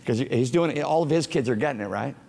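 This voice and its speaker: A man's voice: mid-range voice, animated, quick pace, gravelly, mellow. A man preaching a sermon, emphatic and direct with the congregation, building to fervent proclamation. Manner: playful asides to the congregation. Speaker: pastor. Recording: preaching in a large reverberant hall.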